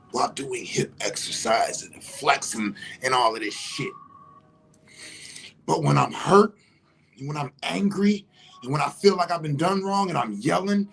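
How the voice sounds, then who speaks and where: A man's voice: a little high, gravelly, slight background noise. Profane, emphatic man in spoken monologue. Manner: profane, emphatic, rising to shouts. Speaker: monologue speaker.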